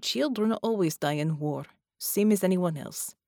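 A woman's voice: lowish voice, measured pace, vocal fry, darkish tone, no echo, studio quality. A woman reading the part of a hardened female soldier in an audiobook, speaking bluntly and matter-of-fact.

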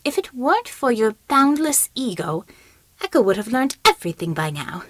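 A woman's voice: fairly high pitch, big pitch swings, moderate pace, dry recording, voice pushed up. A woman voicing a sneering, inhuman male shapeshifter villain with a wet, whispery voice in an audiobook. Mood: contemptuous. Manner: contemptuous, taunting.

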